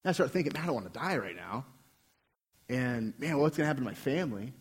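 Earnest young man preaching, lively pitch. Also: fast, breathy edge. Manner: earnest, personal storytelling with frequent restarts. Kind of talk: sermon. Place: church sanctuary.

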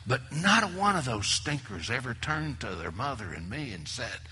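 A man preaching with a sharp, forceful tone and a rough, husky grain. His pitch leaps and dips widely as he tells his story, rising to loud exclamations and dropping to near-whispers. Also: very animated, moderate pace. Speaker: preacher at a marriage conference. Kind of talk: sermon.

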